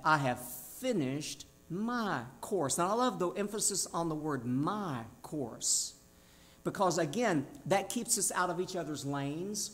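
A man in his sixties with a Tennessee Southern accent delivers a sermon. His voice sits a little high for a man, and he preaches in an emphatic, down-home way, with self-deprecating humor. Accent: Southern American. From Tennessee, USA. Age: 60s.

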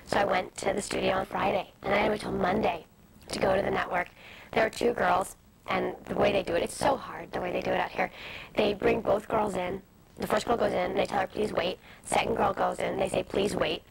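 A woman in her twenties telling stories as an interview guest, fast and animated, with many asides. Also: mid-range voice, vocal fry, crowd noise. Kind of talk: candid storytelling interview. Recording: noisy early-2000s TV broadcast audio.

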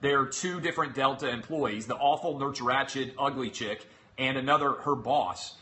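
A man's voice: mid-range voice, moderate pace, pushed and bright. A man in his thirties hosting a talk show, retelling an ordeal in an exasperated, sarcastic way. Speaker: show host. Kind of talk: animated storytelling monologue.

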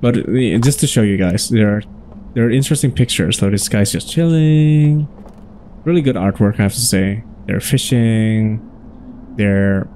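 A man chats casually through a let's-play, musing and wondering aloud at each new discovery. His voice is soft and mellow, neither high nor low. A faint hum of noise sits under the recording. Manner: musing, chatty, thinks aloud. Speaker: gaming channel host.

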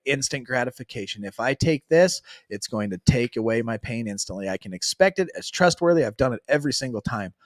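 Man, recovery stream host, animated, laughs a lot, dry close sound. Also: medium pitch, no echo. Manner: animated, laughs often, reads passages then explains. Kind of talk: casual recovery talk stream.

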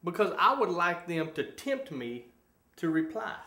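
A man co-hosting a casual talk show, with a fairly high, bright voice that swings up and down a lot. He talks in bursts, tripping over restarts. The room adds a clear echo. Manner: animated, halting with restarts. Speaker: co-host. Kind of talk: casual chat. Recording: echoey room.

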